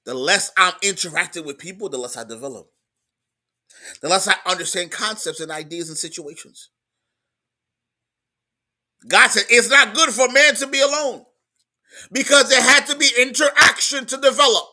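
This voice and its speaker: A man preaching a sermon in an emphatic, repetitive style, moving between quiet stretches and loud outbursts. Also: sits high, normal speed, long pauses. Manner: emphatic preaching, repeats words, swings from soft to loud.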